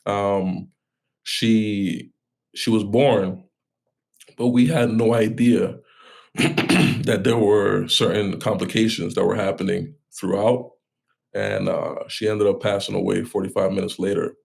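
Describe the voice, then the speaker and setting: A man in his thirties talking as an interview guest, halting and reflective, often restarting and correcting himself. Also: fairly low pitch, steady tone, creaky. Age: 30s.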